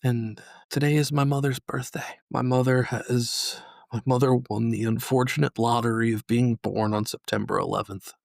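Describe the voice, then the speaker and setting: A man in his thirties from New York hosting a podcast, slowly and solemnly recalling a painful day, with flashes of anger. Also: mid-range voice, steady tone, vocal fry, no room sound, clean studio sound. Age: 30s. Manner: solemn, slow and measured with angry emphasis. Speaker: podcast host. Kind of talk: personal reflective monologue.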